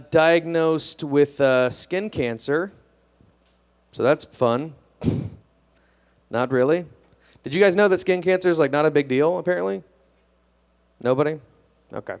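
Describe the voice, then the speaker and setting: A young man doing a stand-up comedy set on a club stage, deadpan and self-deprecating, hesitant with fillers. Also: fairly high pitch, moderate pace, long pauses, smooth.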